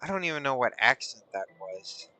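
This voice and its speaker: Lively, playful streamer man. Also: medium pitch, a little fast, clean tone, faint music behind. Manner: playful, rambling, musing aloud. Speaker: streamer host. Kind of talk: casual rambling stream chat.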